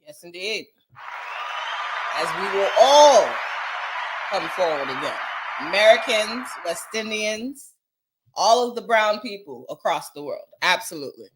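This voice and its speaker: A woman's voice: mid-range voice, expressive, a little slow, pauses often, background noise. A woman hosting a morning commentary show, talking bluntly and emphatically, swearing and laughing as she gives her opinions. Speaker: host.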